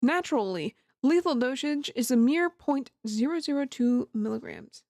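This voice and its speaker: A woman's voice: sits high, expressive, moderate pace, darkish tone, no room sound, studio quality. A woman voicing a confident young male prosecutor with a smug, theatrical delivery.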